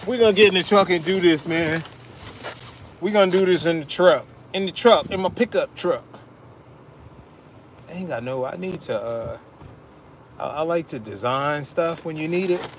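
A man's voice: a little high, moderate pace, long pauses. A man talking casually to his viewers while he films a food vlog at a fish market and by his truck. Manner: chatty, keeps addressing viewers as y'all. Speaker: food vlogger. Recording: loud background street and vehicle noise.

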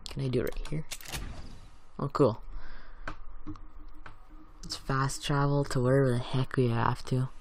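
A man commentates on a video game in a joking, playful way and talks back to what he sees on screen. His voice sits at an ordinary middle pitch. A faint hiss runs behind him. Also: flat delivery, a little slow, gravelly, long pauses, darkish tone. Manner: playful, jokey, talking to the game. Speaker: gaming host. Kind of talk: gameplay commentary.

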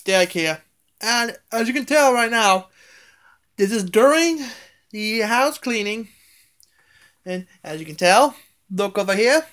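A man's voice: sits high, animated, unhurried, pauses often, fairly bright tone. A man ranting in a casual home vlog, angry and swearing, often stammering and restarting his words. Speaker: vlogger. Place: at home, indoors.

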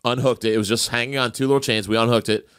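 A man's voice: mid-range voice, fairly even intonation, rapid-fire, fairly bright tone, smooth, no echo, studio quality. A man from New Jersey telling a long, profane anecdote on a podcast, loose and rambling with lots of fillers. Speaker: podcast panelist. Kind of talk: casual podcast storytelling.

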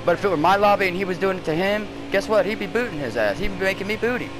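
A man's voice: high voice, lively intonation, racing, music in the background, poor audio. A man trash-talking heatedly and cursing while racing online with friends over a headset at home. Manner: profane, ranting, heated, talks to teammates. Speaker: gamer streaming online racing. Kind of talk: angry gaming trash talk.

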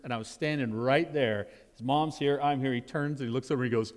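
A man from Nevada preaching a sermon as pastor, animated in his storytelling, swinging between loud exclaims and hushed asides before a congregation. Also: medium pitch, fairly quick, hardly any pauses. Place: church sanctuary with congregation. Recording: long hall reverb in a church.

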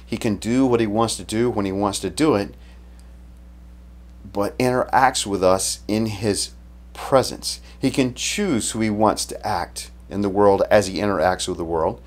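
A man preaching a sermon in a relaxed, conversational way, retelling the story casually and often restarting his sentences. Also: fairly low pitch. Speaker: pastor.

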